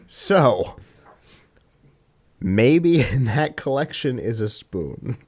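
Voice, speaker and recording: A man's voice: medium pitch, very animated, extremely slow, darkish tone. A man co-hosting a casual comedy tech podcast, teasing his partner with a wry tone. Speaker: podcast co-host.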